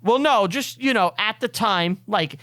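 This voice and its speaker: A man's voice: lively intonation, a little slow, pushed and bright, no echo. A man co-hosting a casual history podcast, joking and swearing freely. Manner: joking, swears, jumps up in pitch when laughing. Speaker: podcast co-host. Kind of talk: casual chat.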